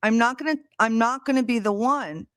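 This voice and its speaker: A woman's voice: fairly high pitch, fairly quick, fairly bright tone, no echo, clean studio sound. A woman hosting a live stream, telling a personal story in a blunt, heated, casual way, swearing freely. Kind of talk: casual monologue to a live audience. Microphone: streaming setup mic.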